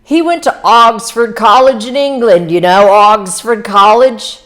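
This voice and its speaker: A boastful, sentimental gangster of fifty holds forth in a solemn, self-important tone, put on by a woman reading aloud. The voice sits low and carries a heavy pomp in this homemade storybook reading. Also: expressive, normal speed. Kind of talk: amateur read-aloud.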